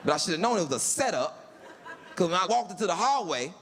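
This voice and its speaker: Animated comedian man telling a story. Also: sits high, fast, big-room sound. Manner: animated, acts out other voices in his stories. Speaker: stand-up comedian. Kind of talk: stand-up storytelling.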